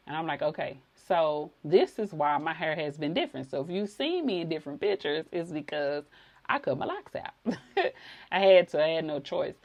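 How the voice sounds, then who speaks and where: A woman's voice: low-pitched, a little mellow. A woman hosting a podcast, telling a personal story in a conversational way and acting out quoted dialogue. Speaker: podcast host.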